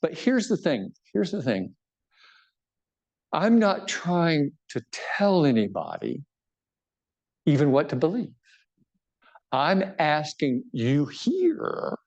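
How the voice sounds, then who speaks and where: A man's voice: a little high, darkish tone. A man, a bishop, giving an informal book talk to a live audience, conversational and joking, often checking in with his listeners. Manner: self-deprecating humor.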